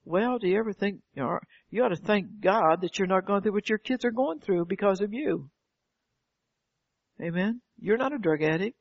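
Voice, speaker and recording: Gravelly, husky older woman preaching. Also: mid-range voice, normal speed, no echo. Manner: fervent, calls out "Amen" and rhetorical questions. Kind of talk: sermon. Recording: dull lo-fi, dry sound.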